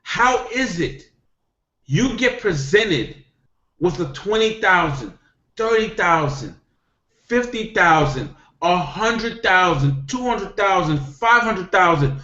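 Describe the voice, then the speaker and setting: A middle-aged man speaks in a somewhat high voice, pressing his points and circling back to them with a repeated "okay?". The sound is dull and lo-fi from a video call, with an echoey room around him. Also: big pitch swings, takes it slowly, bright, forceful tone. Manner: emphatic, repetitive, punctuates with "okay?". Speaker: network marketing distributor. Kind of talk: motivational hangout talk.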